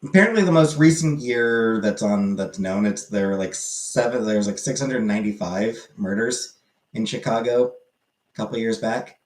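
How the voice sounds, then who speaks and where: A man with a fairly low voice and moderate pace hosts a livestream, chatting casually with viewers and answering the chat. He rambles and often corrects himself mid-sentence, and the room sounds roomy and echoey.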